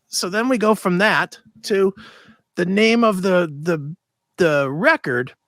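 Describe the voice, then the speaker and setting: A man's voice: high voice, a bit bright, no echo. A man co-hosting a podcast, telling a rambling story in casual chat and mimicking the people he quotes. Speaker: podcast co-host.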